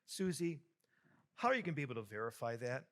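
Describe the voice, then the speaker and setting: Smirky skeptical teacher lady, the way a preacher puts her on, dismissive and needling, bright voice. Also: mid-range voice, big pitch swings, fast talker, pitched below the performer's own voice. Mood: challenging. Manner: teasing, dismissive questions. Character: skeptical anti-religious schoolteacher woman, smirking.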